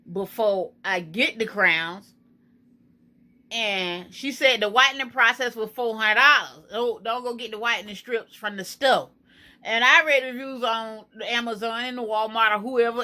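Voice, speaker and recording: A woman's voice: a little high, pushed and bright. A woman from Florida, chatting anxiously and emotionally to her viewers in a casual home vlog. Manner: anxious, emotional, talks to viewers as girl and y'all. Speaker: vlogger. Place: home kitchen.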